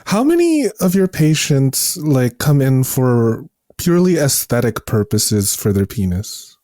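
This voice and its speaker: A man's voice: medium pitch, sing-song, measured pace, dark tone, dry recording, studio quality. A man hosting a podcast who jokes crudely with his guest and reads ads in the same irreverent way. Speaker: podcast host. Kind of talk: casual interview chat and crude ad reads.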